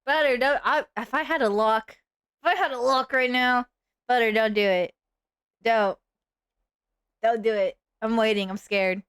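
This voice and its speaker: A woman streamer with a fairly high voice chats casually on a live stream. She rambles, jokes and pokes fun at herself, and the sound is close and dry with no room echo. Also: fairly even intonation, a little slow, pauses often, a bit bright, clean tone. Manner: goofy, rambling, self-mocking.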